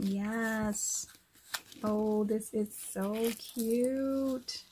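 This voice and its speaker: Gushing slow-talking craft vlogger woman. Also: fairly high pitch, fairly even intonation, a little hiss or hum. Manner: gushing, says "cute" and "oh my gosh" constantly. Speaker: craft vlogger unboxing happy mail. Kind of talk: casual unboxing chat to camera.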